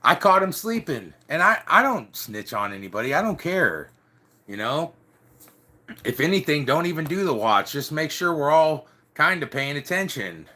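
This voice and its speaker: A man's voice: fairly high pitch, sing-song, moderate pace, pushed and bright. A young man telling stories casually to camera in a loose, slangy, swearing way, acting out the quotes.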